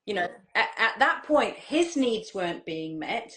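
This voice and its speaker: A woman hosting as a parenting coach, talking in a relaxed, halting way with frequent restarts and repeated words. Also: medium pitch. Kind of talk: casual conversational chat.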